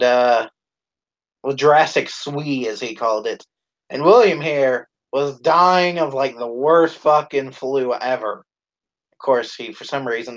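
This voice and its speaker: A man co-hosting a live stream, telling a profane, animated story in casual chat. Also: medium pitch, muffled recording.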